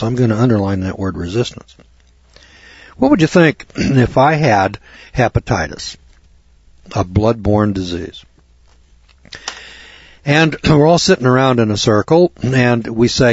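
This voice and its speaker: A man preaching a sermon in an indignant, mocking way, repeating words and clearing his throat. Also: medium pitch, lively intonation, measured pace, a little mellow, no room sound, highs cut off. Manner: indignant, mocking, rises to exclamations.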